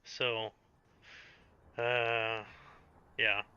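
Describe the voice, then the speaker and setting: A man's voice: fairly low pitch, flat delivery, drawn-out words, sharp tone, highs cut off, a little hiss or hum. A male game streamer with a Danish accent, a native Danish speaker chatting casually on a live stream, swearing freely and often stopping to restart his sentences.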